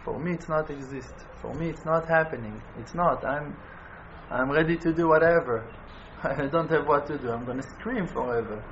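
A man delivers a fervent appeal in a high voice, pleading and repeating himself. He surges into loud urging, then drops to soft, near-tearful tones. The recording is dull and lo-fi, with faint noise underneath. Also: moderate pace. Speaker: community speaker making an appeal. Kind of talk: impassioned appeal.

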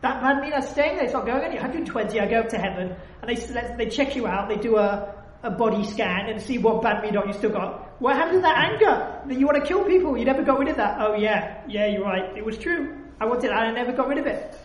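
A woman leads a religious study discussion in a slightly high voice. She speaks emphatically, often slipping into dramatic acted-out prayers. The room adds a clear echo. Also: quick pace. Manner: emphatic, acts out heartfelt prayers. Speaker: religious teacher. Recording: echoey room.

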